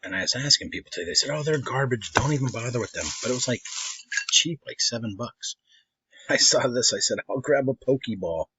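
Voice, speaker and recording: A man's voice: medium pitch, animated, a little fast. A man, a trading card collector telling a rambling, casual story and acting out what people said. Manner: rambling, laughs often, mimics people in quotes. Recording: slightly dull lo-fi audio with faint noise.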